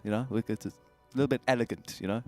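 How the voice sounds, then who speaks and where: A man co-casting a gaming livestream in casual banter, playful and scattered, with halting restarts. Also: mid-range voice, steady tone, mellow, soft background music. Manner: playful, jumps between impressions, halting restarts. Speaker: stream co-caster.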